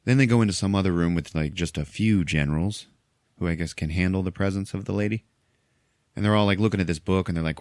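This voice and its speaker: Male podcast host, low voice, dry close mic, casual and jokey, swears freely while retelling a plot. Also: fast, darkish tone, dry recording. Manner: chatty, laughs often, swears casually, acts out quotes. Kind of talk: casual movie recap.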